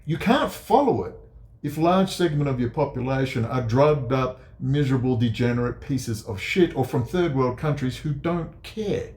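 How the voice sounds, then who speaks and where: A man giving ranting commentary, sarcastic and profane, dropping to low mutters and jumping to high mocking outbursts. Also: lively intonation, normal speed, a little mellow. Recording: echoey room.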